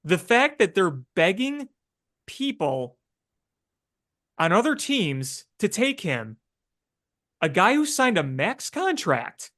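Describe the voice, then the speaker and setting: A man with a somewhat raised voice who talks slowly in casual sports chat. He agrees readily and scatters his speech with fillers as he weighs the issue. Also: high voice, sing-song, fairly bright tone. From Chicago area. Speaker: sports talk podcast co-host.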